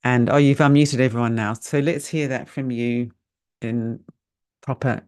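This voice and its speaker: This older woman, a meditation teacher, has a bass voice with fairly even intonation, a measured pace, and a clean, slightly mellow tone. She chats casually while ending a live online session over a video call, self-deprecating and quick to laugh.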